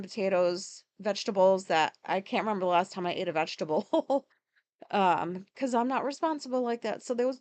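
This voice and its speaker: Talking through her day, a podcast host speaks at a medium pitch with no room sound. Her monologue is rambling and casual, full of fillers and curse words.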